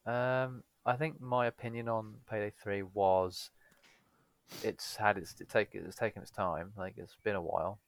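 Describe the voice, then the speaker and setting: Gravelly, low-voiced man chatting. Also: steady tone, measured pace, no echo. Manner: rambling, self-correcting, laid-back. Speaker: podcast co-host. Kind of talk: casual chat.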